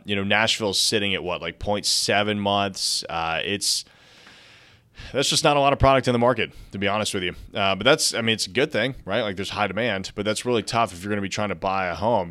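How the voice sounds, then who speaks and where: A man's voice: sits low, steady tone, fairly quick, sharp tone. A young man hosting a casual real estate news show, reading articles aloud and breaking in with chatty asides. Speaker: podcast host. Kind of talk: casual market news commentary.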